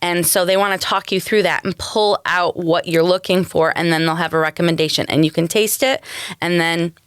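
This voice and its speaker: Smooth-voiced woman explaining programs. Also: lowish voice, steady tone, fairly quick, no room sound, clean studio sound. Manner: informative, explains programs clearly. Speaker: guest from a culinary center. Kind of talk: casual chat.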